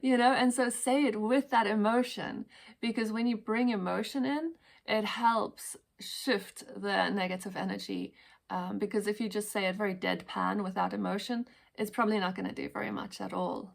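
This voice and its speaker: Soft-spoken woman with a gravelly edge. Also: mid-range voice, fairly even intonation, normal speed. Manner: gentle, chatty, with fillers and repetitions. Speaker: wellness vlogger. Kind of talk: casual talk to camera. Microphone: headphones on.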